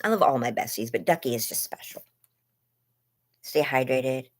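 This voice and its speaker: A woman's voice: rumbling low, moderate pace. A woman chatting casually on a phone livestream from bed, rambling and gushing hellos to viewers by name, her voice getting worn as she says she's losing it. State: losing her voice, lungs hurting. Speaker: livestream host. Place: in bed at home.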